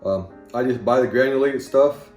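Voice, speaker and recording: A man's voice: mid-range voice, moderate pace, darkish tone, echoey room, soft background music. Folksy Southern man demoing a recipe. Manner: folksy plain-talking, rambling asides. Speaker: home cooking video host. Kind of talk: casual cooking demonstration.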